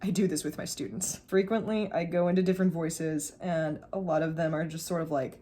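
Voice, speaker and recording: A young woman, a math teacher who vlogs her painting, chats in a relaxed, easygoing way as she works, teasing herself and drifting into playful, jokey asides. She passes on tips like a teacher would, in a low-sitting, brisk voice.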